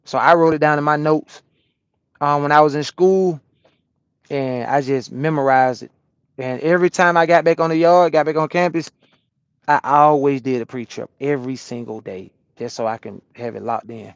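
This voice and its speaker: Man, trucker streamer, casual slangy chat, slightly high voice, dry, dull cab audio. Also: normal speed, clean tone, no room sound. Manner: loose slangy talk, answering chat out loud. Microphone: small camera-mounted microphone.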